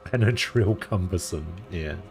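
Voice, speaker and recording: A man's voice: low-pitched, measured pace, vocal fry, darkish tone, soft background music. A man streaming a game and chatting casually with jokes. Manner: joking, laid-back. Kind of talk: casual chat over gameplay.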